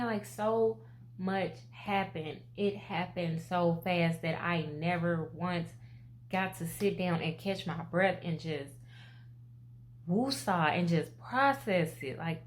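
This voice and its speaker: A woman in her twenties speaks slowly and expressively in a personal vlog, addressing her viewers directly. Her voice sits a little low, and there is a faint hum behind her. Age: 20s. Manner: emotional, expressive, talks straight to viewers. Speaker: vlogger.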